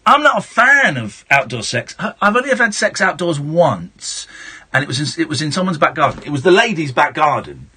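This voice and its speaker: A middle-aged man hosting a late-night phone-in radio show, switching from shouty mock outrage to soft reflection. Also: on the high side, sing-song, fairly quick, breathy edge. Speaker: radio talk show host.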